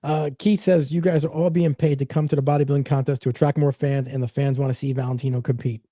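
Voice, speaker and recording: A man's voice: mid-range voice, level tone, fast, dark tone, dry recording, clean studio sound. A man hosting a casual live chat, laid-back, reading viewer comments aloud.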